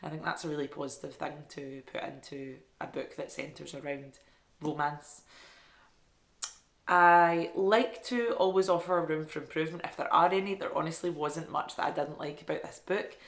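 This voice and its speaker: A woman's voice: deep voice, fairly even intonation, moderate pace. A woman chatting casually about books she loved, enthusiastic and self-deprecating. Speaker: book reviewer. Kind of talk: casual book review vlog. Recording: echoey room.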